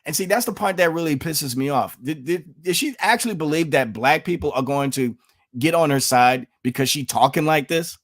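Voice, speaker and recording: A man from the United States delivers an opinionated commentary vlog in a somewhat high-pitched voice. He is emphatic and repetitive, and he speaks straight to his viewers, calling them folks. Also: moderate pace. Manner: emphatic, repeats himself, addresses viewers as folks. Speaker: political commentator.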